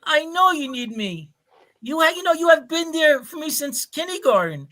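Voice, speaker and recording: Amateur radio drama, someone voicing an earnest young man, high pitched, bright tone, heartfelt, hesitant. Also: big pitch swings, normal speed. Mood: loving. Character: earnest young man proposing to his sick girlfriend.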